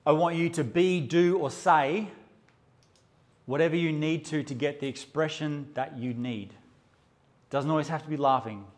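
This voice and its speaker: In a fairly high voice and at a moderate pace, a man leads a live photography workshop. His manner is brash and jokey, and he swears freely while talking to the audience.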